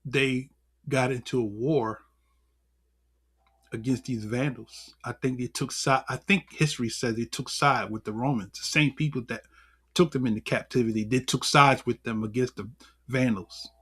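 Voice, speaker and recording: A man's voice: medium pitch, moderate pace, husky. A man in the role of elder teaching a livestreamed class on scripture and history, speaking, full of rhetorical questions and chuckles. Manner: animated, rhetorical questions, chuckles, fumbles with notes. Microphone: computer mic on a livestream.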